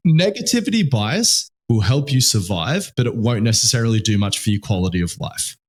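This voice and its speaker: A man's voice: mid-range voice, very animated, brisk. An Australian man co-hosting a podcast in loose, casual chat, swearing freely and full of fillers and restarts. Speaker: podcast co-host.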